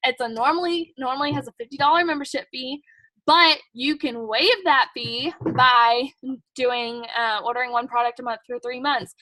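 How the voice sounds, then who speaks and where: A young team leader gives a chatty, emphatic motivational talk at a sales kick-off, saying "like" and "um" a lot and being blunt and pushy. Her high voice sounds pushed and bright at a moderate pace, with slight background noise.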